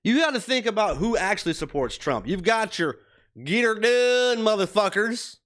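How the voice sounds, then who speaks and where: A man's voice: high-pitched, expressive, moderate pace, a bit bright. A man in his thirties rants on a live stream in a profane, heated, rambling way. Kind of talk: casual ranting live stream chat.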